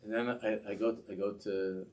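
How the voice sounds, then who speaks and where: Male rabbi storyteller, deep voice, lively sermon tale. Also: normal speed. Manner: animated, repetitive storytelling with restarts.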